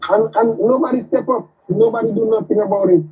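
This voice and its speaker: A man's voice: sits high, fairly quick, mellow, husky, faint music behind. A male caller, exasperated and repeating himself, who keeps ending lines with "man". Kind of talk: emotional call-in rant. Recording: distant, muffled call audio.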